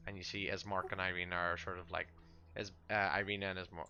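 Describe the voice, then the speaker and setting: Low flat-voiced man running a tabletop game. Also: dull audio, slight background noise. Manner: halting, with many fillers and restarts. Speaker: game master.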